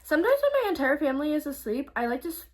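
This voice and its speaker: A woman's voice: high voice, sing-song, racing. A young woman co-hosting a casual chat, blunt and jokey, swearing freely. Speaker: co-host.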